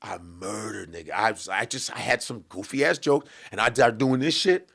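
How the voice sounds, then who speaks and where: A man's voice: on the low side, normal speed, creaky, fairly bright tone. A middle-aged man, a guest comedian, telling profane stories on a podcast and jumping into the voices of the people in them. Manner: profane, vivid, jumps into voices of people in his story. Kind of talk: animated storytelling on a podcast.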